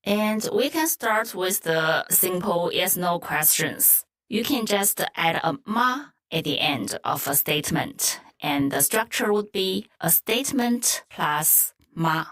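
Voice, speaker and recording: A woman's voice: lowish voice, expressive, a bit bright. A woman co-hosting a Mandarin lesson, explaining grammar and saying each example phrase twice. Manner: slow, clear, repeats example phrases. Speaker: Mandarin teacher, co-host. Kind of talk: scripted language lesson.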